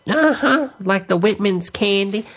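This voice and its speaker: Woman prank caller, deadpan and unhurried, leisurely pace, mid-range pitch. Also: breathy edge. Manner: deadpan, slow and drawn-out spelling. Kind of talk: prank phone call.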